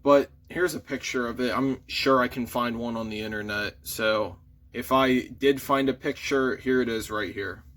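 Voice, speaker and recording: A man's voice: medium pitch, fairly even intonation, normal speed, fairly bright tone. Easygoing man reviewing a toy. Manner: easygoing, mild, shrugs off flaws. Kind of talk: casual chat.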